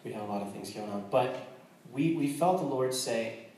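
An American man shares his testimony with a congregation, earnest but quick to joke, often restarting his sentences. He sounds set back from the mic, in a hall with heavy echo. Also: medium pitch, expressive, darkish tone, distant mic, slight background noise. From United States. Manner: earnest and joking, with frequent restarts. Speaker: missionary speaking to a church.

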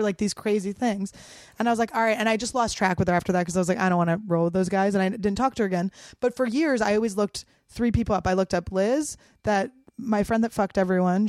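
A woman's voice: mid-range voice, darkish tone, no echo, clean studio sound. A woman from Philadelphia, a comedian, telling a wild story in a casual, profane way. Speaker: comedian guest.

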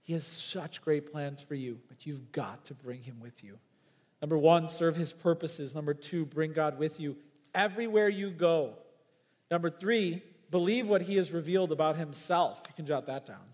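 A man preaching a sermon as pastor, with emphatic swings from loud and high to soft and low. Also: normal speed, in a large hall. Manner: emphatic preaching with big swings in pitch and volume.

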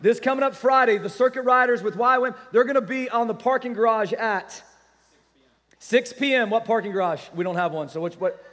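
A man preaching a sermon as pastor, energetic and calling out to the congregation. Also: extremely high pitch, fairly quick, long reverb tail.

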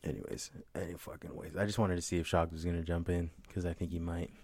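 A man with a fairly low voice chats casually and swears freely, telling stories with animation. The sound is dry and close to the mic. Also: fast talker, no room sound. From California. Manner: profane, animated storytelling. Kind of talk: casual chat.

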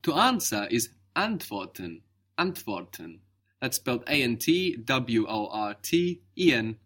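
Patient, slow-speaking male language teacher. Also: medium pitch, sing-song, fairly bright tone. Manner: patient, explains slowly and models words carefully. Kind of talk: spoken language lesson.

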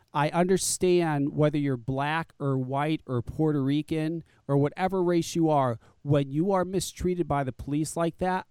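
A man's voice: on the high side, a little mellow, clean tone, no echo. Blunt, profane man telling a story. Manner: blunt, profane, emphatic, acts out quoted people; frequent restarts and stammered repeats. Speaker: podcast guest telling his story. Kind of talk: casual spoken storytelling.

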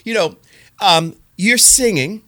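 Playful theatrical man, bright voice. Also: high-pitched, slow. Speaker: podcast co-host. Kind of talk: casual chat.

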